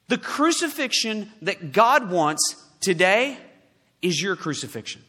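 A man preaching a sermon, forceful, with loud emphatic peaks and quiet low asides. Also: sing-song, measured pace, slightly rough, big-room sound.

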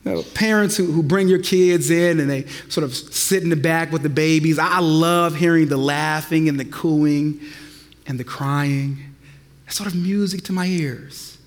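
A man preaching a sermon as pastor, swinging between loud passionate stretches and hushed, drawn-out lines. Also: a little high. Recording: long reverb of a large hall.

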